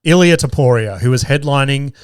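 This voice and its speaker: Man, podcast host, excitable and sweary, smooth voice, dry close sound. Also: mid-range voice, no echo. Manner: fast, profane, excitable storytelling. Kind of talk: casual chat.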